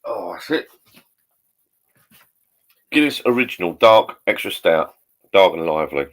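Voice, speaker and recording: A man hosting a relaxed livestream, chatting to viewers in a rambling, matey way over drinks at home. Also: deep voice, a little slow. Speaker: livestream host. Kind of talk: casual chat with viewers while drinking. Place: at home, indoors.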